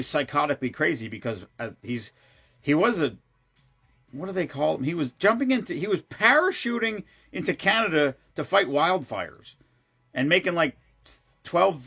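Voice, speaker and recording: A man's voice: on the high side, big pitch swings, normal speed, vocal fry, pushed and bright, slightly rough, soft background music. Rambling man in casual chat. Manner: rambling, profane, restarts sentences often. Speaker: show regular.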